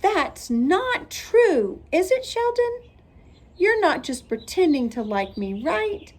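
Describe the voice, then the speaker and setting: Storybook: woman reading as a spoiled rich little girl, prissy and high, slow. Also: animated, a little mellow. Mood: whiny.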